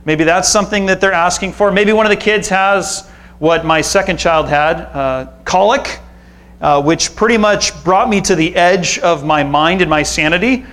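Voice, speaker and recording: High-voiced man preaching casually. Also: fairly bright tone. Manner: casual, conversational preaching with self-deprecating humor. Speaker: pastor. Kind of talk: sermon.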